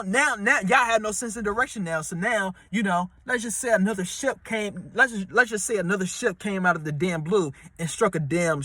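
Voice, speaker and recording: Bright-voiced man giving slangy relationship advice. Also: dry recording. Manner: slangy, repetitive, street-talk delivery; acts out quoted voices in a high pitch. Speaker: advice vlogger. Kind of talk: casual advice monologue.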